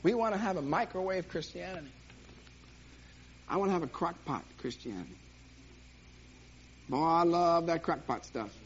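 A man teaching a church class in a lively, jokey way, acting out little scenes, on a dull lo-fi recording with faint hiss. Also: a little high, normal speed, pauses often.

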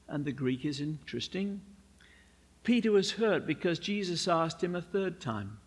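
A man preaching a sermon, emphatic and unhurried, with humorous personal asides. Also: a little high, lively intonation, breathy edge. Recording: long hall reverb.

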